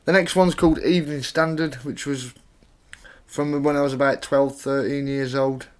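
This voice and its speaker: A man's voice: medium pitch, fairly even intonation, moderate pace. A man from Staffordshire, an author reading his own rhyming poems aloud in a plain, conversational way, with casual spoken introductions between them. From Staffordshire, England.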